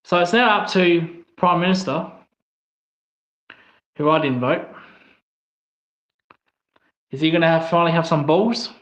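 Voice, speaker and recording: A man's voice: fairly high pitch, measured pace, pauses often, fairly bright tone. A man with an Australian accent giving a blunt, angry opinion monologue, swearing often as he talks. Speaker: online commentator. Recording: echoey, slightly dull room sound.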